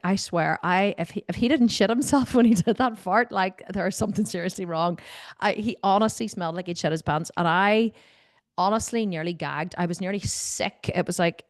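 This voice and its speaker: A woman's voice: lowish voice, dry recording, studio quality. A woman hosting a live video Q&A, telling a story in a candid, blunt way and swearing freely. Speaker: host. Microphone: video call mic.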